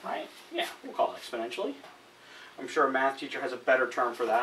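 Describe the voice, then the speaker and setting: A man's voice: medium pitch, big pitch swings, fast talker, pushed and bright. A male chemistry teacher giving a chatty lesson at a whiteboard, often correcting himself and checking in with "okay?". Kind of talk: recorded classroom lesson at a whiteboard. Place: classroom with whiteboard. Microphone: camera set up across the room. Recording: distant camera mic, faint room hiss.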